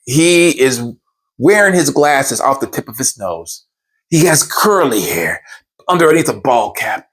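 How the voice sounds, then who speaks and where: A man telling a funny true story in a casual, conversational way. His pitch is very lively and swings widely. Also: unhurried. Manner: animated, conversational. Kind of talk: comedic storytime.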